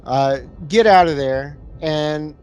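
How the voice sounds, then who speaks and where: Guy with kinda higher voice on a movie podcast, chill, sums up scenes. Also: takes it slowly, darkish tone, smooth, dull audio. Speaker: podcast co-host. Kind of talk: casual chat about a movie.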